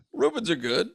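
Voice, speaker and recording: A man's voice: sits high, gravelly, slightly rough, dry recording, studio quality. A man on a podcast, bantering casually and teasing the others with laughs. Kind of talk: casual chat.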